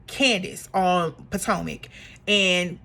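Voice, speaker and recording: A woman recapping a reality TV episode in a casual, gossipy vlog, animated and chatty, with plenty of fillers. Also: fairly low pitch, takes it slowly, creaky. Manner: animated, acts out quotes in exaggerated voices; chatty with frequent fillers and laughs.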